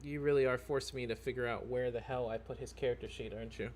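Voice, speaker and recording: A man's voice: medium pitch, steady tone, fast. A man narrating as game master of a tabletop game, rambling with many fillers.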